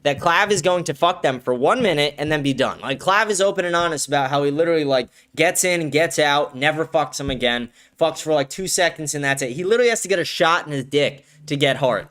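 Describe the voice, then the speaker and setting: A man's voice: a little high, animated, quick pace, hardly any pauses, fairly bright tone. A young man hosting a live-stream show, ranting in heated, profane bursts and repeating his points over and over. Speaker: show host.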